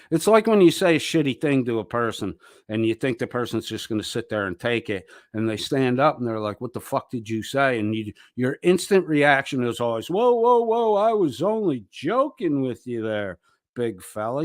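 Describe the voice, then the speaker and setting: A man's voice: medium pitch, lively intonation, normal speed, no room sound, clean studio sound. A man hosting a reaction commentary, ranting angrily and mocking with heavy swearing. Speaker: commentary channel host.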